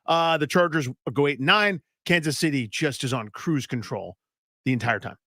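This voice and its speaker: Male sports talk co-host, dry studio voice, higher-pitched, emphatic and opinionated. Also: pushed and bright, dry recording. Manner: emphatic, quick, opinionated predictions.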